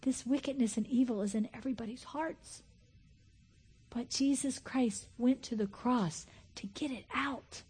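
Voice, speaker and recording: A woman in her fifties preaching a sermon, swinging between loud, excited exclamations and hushed, whispered asides. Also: a little high, a little slow, husky. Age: 50s.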